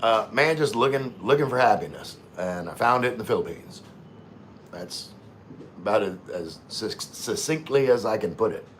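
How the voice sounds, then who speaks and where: A man's voice: lowish voice, lively intonation, moderate pace, slight background noise. Laid-back man reading live chat aloud. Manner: easygoing, repeats words and restarts while reading. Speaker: livestream host. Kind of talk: casual livestream chat, reading viewer comments aloud.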